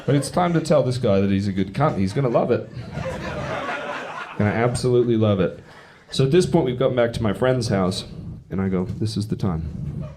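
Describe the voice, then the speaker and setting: Man, mid-pitch, brash profane stand-up storyteller, live club recording with audible noise. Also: lively intonation, brisk, darkish tone. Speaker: stand-up comedian. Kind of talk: stand-up comedy set. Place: comedy club stage with a live audience. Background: audience laughter.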